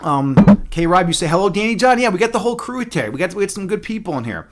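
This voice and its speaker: Young guy rambling on his stream, kinda high voice, lots of likes and swearing. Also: sing-song, fast. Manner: rambling, filler-heavy, swears casually. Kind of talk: casual live-stream chat.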